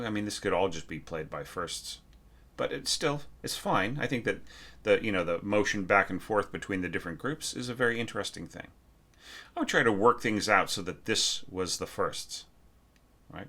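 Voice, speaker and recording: Low-voiced guy going over a student's score, chatty, humming bits of the tune. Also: bright, forceful tone. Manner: thinking aloud, sings melodies on nonsense syllables. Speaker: orchestration teacher. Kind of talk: casual spoken score evaluation.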